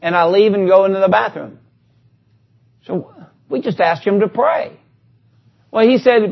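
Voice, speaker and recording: A man's voice: high-pitched, a little slow, creaky, pauses often, dull audio. A man preaching a sermon, talking to the congregation in a conversational way and reading out scripture.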